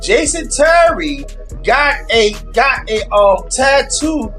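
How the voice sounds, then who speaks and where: High-voiced woman in sports chat. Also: lively intonation, slow, fairly bright tone, faint music behind. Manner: stammering repeats, then emphatic points to listeners. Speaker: podcast co-host.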